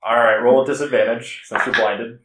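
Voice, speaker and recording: A man narrating as game master in a relaxed, chatty way, with filler words. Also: medium pitch, a little fast, noisy background. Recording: echoey room.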